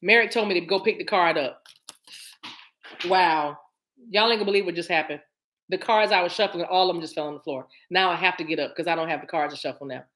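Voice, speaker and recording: A woman's voice: fairly low pitch, quick pace, fairly bright tone. Chatty woman doing a card reading. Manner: reads card text aloud, then riffs and repeats phrases to viewers; chatty and familiar, addresses viewers as y'all. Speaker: spiritual card reader. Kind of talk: live-streamed oracle card reading.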